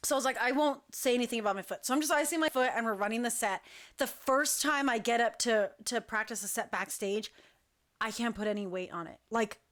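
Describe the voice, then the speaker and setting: A young woman hosting a talk show, telling a long story in a chatty, animated way and acting out what people said. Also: a little high, fairly quick. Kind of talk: casual storytelling.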